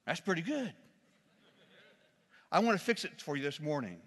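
A man with a high, bright, ringing voice delivers a sermon from the pulpit of a church. He tells stories with humor and breaks into loud, shouted quotations. The sound carries a long hall reverb. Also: very animated, normal speed. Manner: storytelling with shouted acted quotes and humor. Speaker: pastor.

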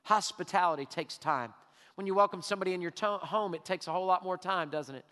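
A man preaching a sermon as pastor, emphatic and drawing out his words with pauses. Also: high-pitched, bright, forceful tone. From Texas. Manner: emphatic, with long drawn-out pauses. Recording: hall reverb.

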